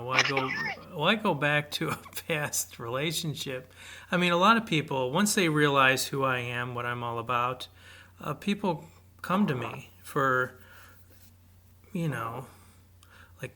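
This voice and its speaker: A man's voice: medium pitch, pushed and bright. A man co-hosting an advice podcast, talking hesitantly and with self-doubt in casual chat. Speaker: podcast co-host.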